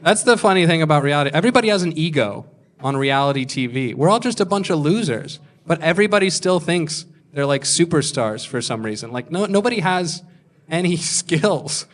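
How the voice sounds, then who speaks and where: This stand-up comic, a man in his thirties, has a fairly high, expressive voice and a fairly quick delivery. He curses freely while spinning rambling stories at his own expense.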